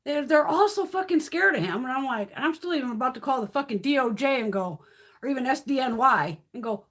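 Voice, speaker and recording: Husky woman ranting bluntly. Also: high voice, lively intonation, brisk. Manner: blunt, profane, heated ranting. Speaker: beauty livestream host. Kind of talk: casual live-stream chat.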